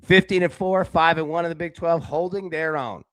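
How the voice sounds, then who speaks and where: Animated man hosting a live betting show. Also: moderate pace, no echo. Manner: animated, swings between loud bursts and low asides; talks directly to chat viewers by name. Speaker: sports betting show host. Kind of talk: live sports betting talk show chat. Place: indoor room with a window.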